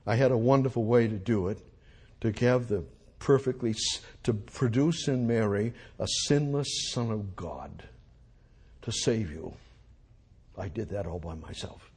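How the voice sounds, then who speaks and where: A man preaching a sermon, speaking as God in a calm, insistent, commanding way. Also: on the low side, a little slow, slightly rough. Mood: solemn.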